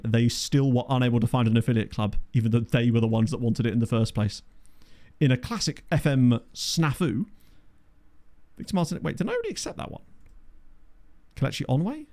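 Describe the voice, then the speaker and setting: A man talks through a management game at his desk, thinking aloud in a chatty, unpolished way. His pitch sits in the middle of a man's range but swings widely, jumping up whenever something excites him. It is a casual, homemade commentary recorded on a desk microphone.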